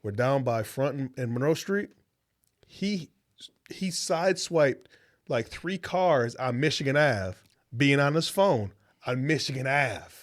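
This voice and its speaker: A young man co-hosting a podcast and telling a story in casual chat. His voice is mid-pitched and lively. He swears freely and jumps up high in pitch to act out the people he quotes. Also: unhurried. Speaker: podcast co-host.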